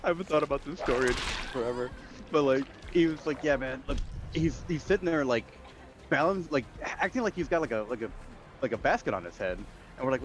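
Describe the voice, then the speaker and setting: Ein Mann im lockeren Gespräch während eines Spiele-Streams, der lebhaft erzählt und viel flucht. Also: male voice, mid-range voice, fairly quick. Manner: animated storyteller, swears often. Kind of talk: casual chat on a game stream.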